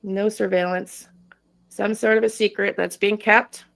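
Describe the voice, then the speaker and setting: A woman reading tarot cards live for her viewers. She talks in a hesitant, halting way, stopping and restarting often, with a flat, level tone and a middle-pitched voice. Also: vocal fry, rough recording. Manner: hesitant, halting, self-interrupting. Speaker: tarot reader and channel host. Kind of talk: live-stream tarot reading, casual chat.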